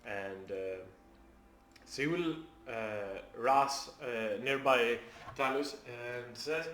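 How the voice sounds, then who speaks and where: A man running a tabletop game as dungeon master, with many pauses and fillers. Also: medium pitch, a bit bright, echoey room, a little hiss or hum.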